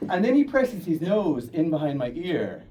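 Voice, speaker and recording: A young Irish man with a Kerry accent tells a true comic story on stage in a lively, animated way. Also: on the high side, normal speed, distant mic, slight background noise, low-quality recording. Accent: Irish, County Kerry. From Ireland. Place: storytelling stage before an audience.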